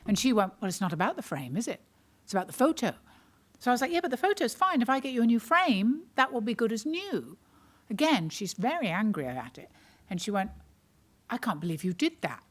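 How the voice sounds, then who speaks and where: A woman's voice: on the high side, sing-song, fairly quick. Dry-witted woman comedian hosting awards. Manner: dry, self-mocking storytelling. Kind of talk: stand-up anecdote and award hosting.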